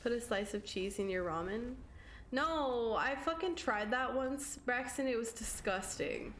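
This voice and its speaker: A woman's voice: on the high side, expressive, measured pace, fairly bright tone. Young woman streamer chatting while she plays, giggly, cusses a lot, voice bounces up and down, bit of faint noise behind. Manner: chatty and giggly, swears casually. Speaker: live streamer. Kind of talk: casual gaming stream chat with viewers.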